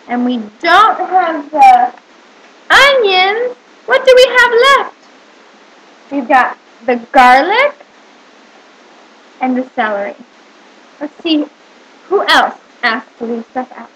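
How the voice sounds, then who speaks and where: A woman teacher reading a picture book aloud to young children, with animated storytelling and questions to the listener. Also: very high voice, a little hiss or hum, poor audio.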